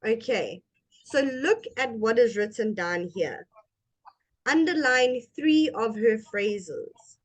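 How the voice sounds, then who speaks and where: In a slightly high, expressive voice, a woman gives a one-on-one English lesson. She speaks slowly and patiently, modeling intonation for her student.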